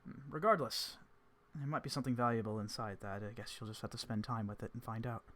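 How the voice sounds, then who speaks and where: A man voicing a calm, scholarly male mage who speaks in a measured, formal way. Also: mid-range voice, slight background noise, lightly acted.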